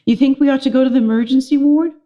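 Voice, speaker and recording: A woman's voice: high voice, fairly even intonation, fast, mellow, highs cut off, voice pushed up, natural voice. A woman voicing a gushing fourth-grade girl who coos and fusses adoringly over a boy, in a children's storybook reading. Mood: fussing. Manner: breathless, cooing and swooning.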